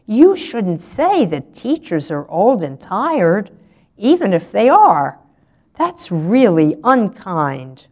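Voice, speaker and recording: A woman's voice: medium pitch, big pitch swings, slow pace, a little mellow, exaggerated voice. A woman voicing an earnest, anxious young schoolboy in a raised, pleading voice.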